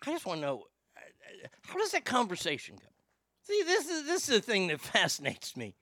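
A man's voice: sits high, wildly swooping pitch, moderate pace, pushed and bright, no echo. A man hosting a live stream, ranting crudely to his chat with incredulous outbursts and stammered restarts. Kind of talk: crude comedic rant to chat.

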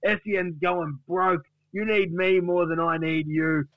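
A man doing a brash, crude braggart who shouts everything. The voice sits high and strained, with a dull, muffled sound. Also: fairly even intonation, unhurried, dry recording.

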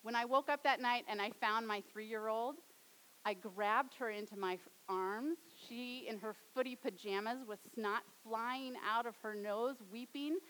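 A young adult woman preaching a sermon, dropping to a soft, hushed tone for storytelling and rising to emphatic appeals. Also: on the high side, a little slow, low-quality recording.

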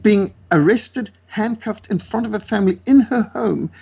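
Telling animated stories as an interview guest, a South African missionary author sounds indignant, mimics the people he quotes and uses plenty of fillers. His high-pitched voice is gravelly, slightly rough and darkish in tone, delivered at a moderate pace. High frequencies are missing from the recording.

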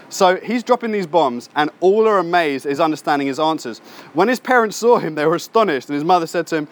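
A man preaching a casual sermon. He acts out the people in his stories in a lively way and adds slangy asides. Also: a little high, a little fast.

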